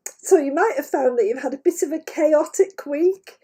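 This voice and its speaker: An intuitive medium hosts a live stream, talking unscripted to camera about spiritual matters from a room filled with her paintings. She's chatty and meandering, says "uh" often, and laughs easily, and her high voice has a dark tone and a moderate pace.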